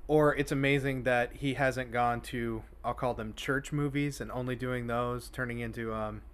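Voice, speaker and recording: A man's voice: medium pitch, fairly even intonation, moderate pace, clean tone. A man hosting a casual chat show, rambling with many fillers and restarts. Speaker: podcast host.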